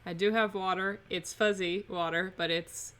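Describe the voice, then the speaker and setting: Bright-voiced woman streaming a game. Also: medium pitch, steady tone, normal speed, clean tone. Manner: chatty and joking, rambling self-corrections. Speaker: streamer hosting a game playthrough. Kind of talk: casual live-stream chat.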